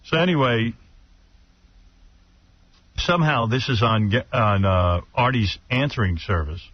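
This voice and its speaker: Man, mid pitch, husky blunt radio host, muffled lo-fi sound. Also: a little slow. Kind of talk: casual talk radio banter. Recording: dull lo-fi radio broadcast.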